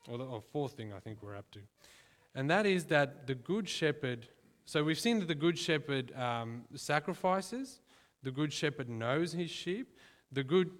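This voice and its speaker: A man with a fairly high voice delivers a sermon in a church, speaking to his listeners as friends. He keeps it conversational and slows down to stress his points. The sound rings with the long reverb of a large hall. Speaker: preacher.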